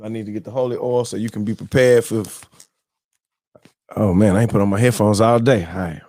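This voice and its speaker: A man's voice: fairly low pitch, fairly even intonation, brisk, dark tone, no echo, studio quality. A man, hosting a live morning stream in loose, joking casual chat full of slang and fillers.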